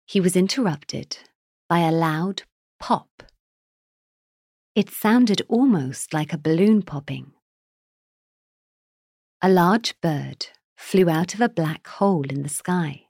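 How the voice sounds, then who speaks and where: A woman narrating a children's storybook chapter in a measured, deliberate way. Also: on the low side, animated, vocal fry, darkish tone, no echo, clean studio sound.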